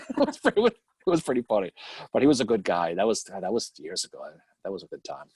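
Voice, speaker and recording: A man's voice: fairly low pitch, huge pitch swings, a little fast, a little mellow, slightly rough, no room sound. A middle-aged man from the Boston area with a Boston accent, co-hosting a casual live stream, rambling through old memories, swearing freely and laughing often. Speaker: podcast co-host.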